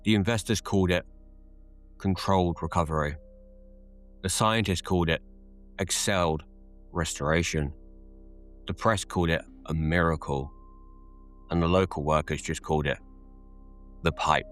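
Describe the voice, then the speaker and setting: A man narrating a scripted horror story in a slow, measured, ominous delivery. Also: deep voice, fairly even intonation, a bit bright, faint music behind.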